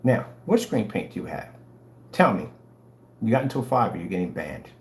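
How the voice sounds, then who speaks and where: Very animated at a normal pace, a lowish-voiced man with vocal fry rants at his livestream chat, mocking viewers and daring them to answer. He's selling projector screen paint, and the room gives off a roomy echo with a faint hum.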